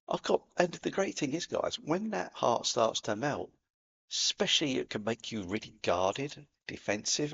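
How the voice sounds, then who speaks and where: A man with a Cockney accent giving an earnest, gently encouraging spiritual talk to camera, in a matey way. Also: medium pitch, vocal fry, slightly rough, highs cut off. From London, England. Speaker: spiritual video host.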